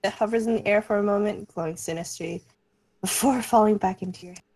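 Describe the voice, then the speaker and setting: A woman's voice: medium pitch, quick pace, creaky, a little mellow. A woman streaming a game, reading its text aloud in a casual, laughing way.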